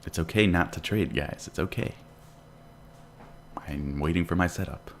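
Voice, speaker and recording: A man's voice: sits low, normal speed, a little hiss or hum. A man hosting a live day trading stream, chatting casually and answering viewer questions while he watches the charts. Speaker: day trading livestream host.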